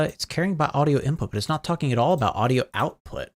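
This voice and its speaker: A man's voice: mid-range voice, lively intonation, a little fast, hardly any pauses. A man streaming a game, chatting casually and rambling while troubleshooting his audio. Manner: rambling, troubleshooting audio with chat, laughs often. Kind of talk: casual live-stream chat.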